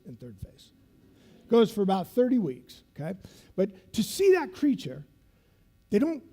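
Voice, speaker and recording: A man's voice: a little high, mellow. A man in his fifties giving a motivational keynote, telling a vivid story and checking in with the audience as he goes. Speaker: keynote speaker.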